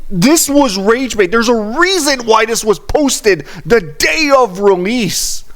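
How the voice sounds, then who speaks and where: A high-voiced man rants over a video he is reacting to, his pitch leaping up and down as he mocks and curses. He swears almost every line and sounds thoroughly fed up. He talks at an unhurried pace. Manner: profane, exasperated, mocking ranting. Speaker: reaction commentator.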